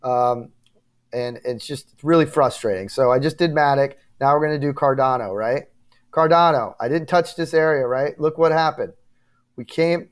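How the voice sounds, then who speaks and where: A man hosting a trading channel, talking viewers through charts in a casual, emphatic way, often checking in with "okay?" and "right?". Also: fairly high pitch. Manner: emphatic, repetitive, addresses viewers directly with frequent "okay?" and "right?"; apologetic and frustrated at times. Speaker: crypto trading channel host.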